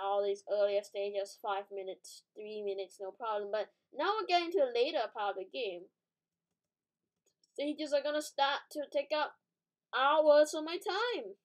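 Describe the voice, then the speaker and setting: Rambling young-sounding woman gamer, fairly high. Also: rough recording. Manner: rambling, self-correcting, thinking aloud; startled outbursts. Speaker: gaming channel host. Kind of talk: casual gameplay commentary.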